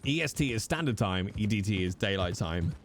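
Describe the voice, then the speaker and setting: A man's voice: on the low side, expressive, brisk, slight background noise. A man, chatting casually with viewers on a live stream, jokey and teasing, with the odd swear.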